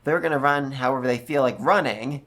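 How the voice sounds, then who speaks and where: A man's voice: medium pitch, a little fast, a bit bright, close to an everyday voice. A man voicing a dismissive royal prince who brushes off a complaint.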